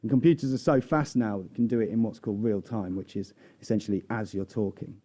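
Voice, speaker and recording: A man's voice: fairly low pitch, quick pace, warm tone, a little hiss or hum. A man explaining sound demos to a live audience as a guest expert, chatty with fillers.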